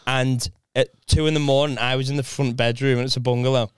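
A man in casual chat, telling a story with lively acted-out voices and plenty of swearing. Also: medium pitch, fast talker, smooth, no echo, clean studio sound.

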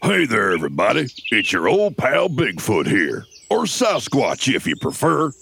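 A man voicing a chummy Bigfoot who talks in a folksy, gravelly way. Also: medium pitch, huge pitch swings, normal speed, noisy background. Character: jokey male Bigfoot hosting an ad spot.

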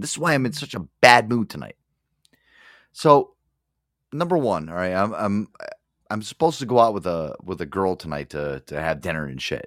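Man ranting on air, lively pitch. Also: dry recording, studio quality. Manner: profane, rambling storyteller with many restarts. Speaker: radio show host. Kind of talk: casual on-air rant.

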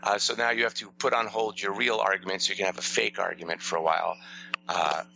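A storyteller and playwright, quick-paced and creaky-voiced, tells an animated backstage story in a conversational interview, acting out the quotes with sudden pitch jumps. The recording quality is low.

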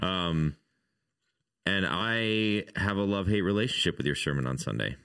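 Low-voiced man hosting a podcast. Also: animated, moderate pace, a bit bright, clean tone. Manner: upbeat, joking. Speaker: podcast co-host. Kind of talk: casual chat.

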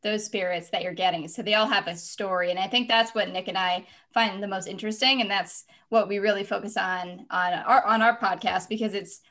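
A woman's voice: medium pitch, fairly even intonation, fairly quick, hardly any pauses, fairly bright tone. A woman co-hosting a podcast, talking in a thoughtful, conversational way. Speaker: podcast co-host. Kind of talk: casual podcast chat.

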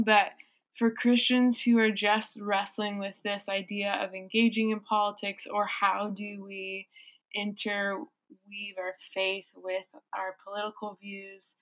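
A woman hosts a podcast in a voice of ordinary middle pitch. She speaks in a measured, appreciative way while she puts a question to her guest. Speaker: podcast host. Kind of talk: interview wrap-up question.

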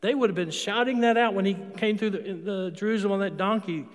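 A man with a notably high voice preaches a sermon as a priest. He keeps it conversational, asking the congregation questions and answering them himself. His words ring out with a long reverb, as in a large church. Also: fast talker. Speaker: Catholic priest.

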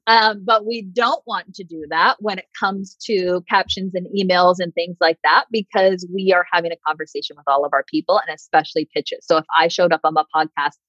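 A woman's voice: lowish voice, brisk, hardly any pauses, no room sound, lo-fi sound. A woman talking as a podcast guest and PR coach, casual and sarcastic, acting out quotes in other voices. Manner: animated, sarcastic, acts out quotes.

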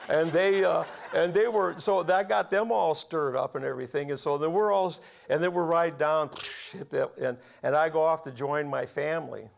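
A man's voice: on the high side, normal speed, creaky, few pauses, lo-fi sound. A man over forty preaching a sermon, telling folksy personal stories and laughing at his own tales. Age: 40s or older.

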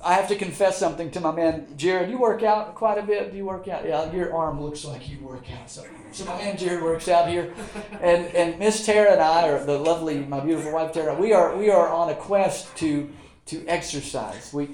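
A man preaching in a church with a notably high voice, speaking in a folksy, joking manner. The sound carries a roomy echo from the sanctuary. He is middle-aged. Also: normal speed, darkish tone. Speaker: pastor. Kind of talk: sermon. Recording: echoey church room.

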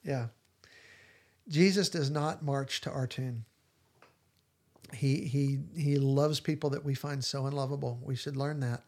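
A man's voice: mid-range voice, a little slow, pauses often, a little mellow. A man hosting a podcast, retelling scenes in casual chat and acting out the quoted lines with animation. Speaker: podcast host.

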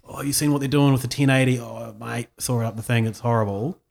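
A man's voice: medium pitch, fairly even intonation, fast talker, gravelly, darkish tone, lightly acted. A New Zealand man mimicking a vague caller telling a little yarn. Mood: gossipy.

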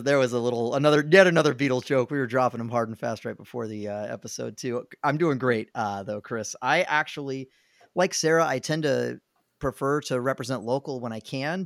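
A man's voice: medium pitch, fairly bright tone, dry recording, studio quality. A man chatting as a podcast panelist, upbeat and talkative, laughing easily. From Alabama, USA. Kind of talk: casual podcast chat.

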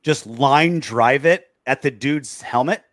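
A man's voice: medium pitch, takes it slowly, fairly bright tone, no echo, studio quality. A man co-hosting a casual post-game sports show, sarcastic and reading out listener comments. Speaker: podcast co-host.

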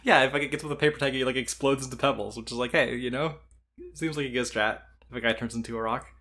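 A man talking fast and loose in casual podcast chat. His voice sits in a middle pitch, and he rambles with endless "like"s and casual swearing. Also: fairly even intonation, pushed and bright. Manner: rambling, heavy use of "like", swears often. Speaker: podcast co-host.

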